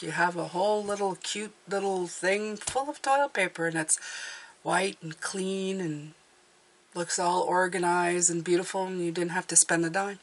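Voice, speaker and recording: A woman with a somewhat low speaking voice gives a relaxed tarot reading straight to her viewers. She talks in an encouraging, reassuring way and keeps checking in with a quick "okay?". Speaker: tarot reader.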